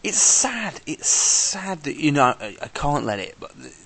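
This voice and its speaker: An exasperated man rants casually to camera about his travels. His voice is gravelly and swings widely up and down as he swears and mimics people he met. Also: a little high, big pitch swings, measured pace, pushed and bright. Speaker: traveller vlogger. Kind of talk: casual travel vlog rant.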